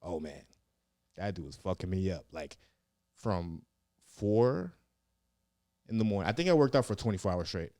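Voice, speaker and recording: Low-voiced, profane young man telling stories. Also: expressive, normal speed, pauses often, warm tone, no room sound, studio quality. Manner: rambling, profane, heavy on "like" and "yeah". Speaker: comedian and former Marine recruit, podcast guest. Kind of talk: casual storytelling interview.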